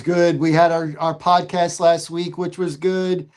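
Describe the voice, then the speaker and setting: Measured man recapping award news. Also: a little high, level tone, darkish tone, smooth. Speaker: podcast co-host. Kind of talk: casual podcast chat.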